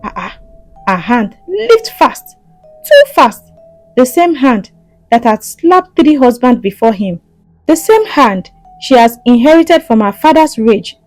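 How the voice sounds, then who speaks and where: A woman's voice: high-pitched, big pitch swings, slow, no echo, faint music behind, rough recording. A woman narrating a scripted story in a dramatic way, with asides to the listener.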